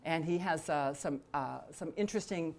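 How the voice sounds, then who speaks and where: Woman, workshop trainer, conversational, lots of fillers, low voice. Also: normal speed, a little mellow. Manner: conversational, frequent fillers and restarts; laughs and jokes with attendees. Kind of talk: interactive training session.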